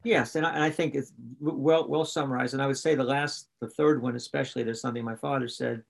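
Podcast guest, male, from West Virginia, raspy with some fry; rambles and corrects himself as he talks. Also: medium pitch, fairly even intonation, quick pace, hardly any pauses. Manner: rambling, self-correcting storyteller. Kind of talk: candid conversation.

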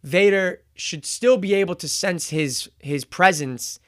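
A man with a fairly high, smooth voice walks through a show's scenes in a relaxed, chatty review. He trips over words, corrects himself and fills gaps with "um". The sound is dry and close, with no room around it. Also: unhurried, dry recording. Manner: chatty, retells scenes with fillers and self-corrections. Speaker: show reviewer. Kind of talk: casual recap and review.

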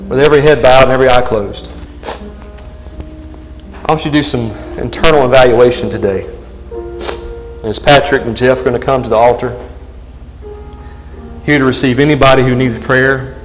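A man's voice: medium pitch, fairly even intonation, normal speed, pauses often, soft background music, rough recording. A man preaching a sermon, earnestly asking the congregation one question after another.

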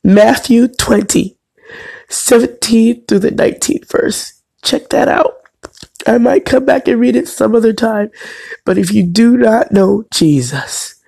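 A woman's voice: a little high, measured pace, creaky, warm tone, husky. A woman radio host giving a fervent on-air devotional message, tearful and on the verge of crying, repeating her phrases as she preaches.

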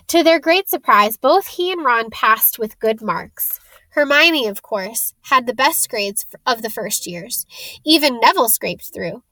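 A woman reading a novel aloud in a steady, clear storytelling voice. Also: fairly high pitch, no room sound. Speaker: reader.

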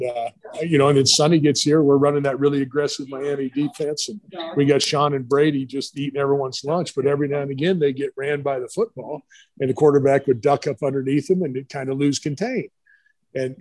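A man's voice: mid-range voice, darkish tone, dry recording, poor audio. A middle-aged man, a retired football coach, telling rambling stories in a casual interview. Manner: rambling, storytelling with quoted voices.

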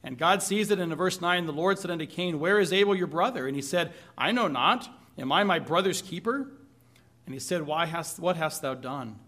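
This is a man preaching briskly in a conversational style, with a forceful, bright voice pitched a bit high. He moves between scripture reading, questions for the congregation, and touches of light humor.

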